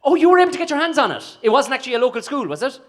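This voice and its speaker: A man's voice: extremely high pitch, sing-song, very fast, a bit bright. A man hosting an awards night, joking and teasing the guests on stage before a live audience. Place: event hall with a live audience.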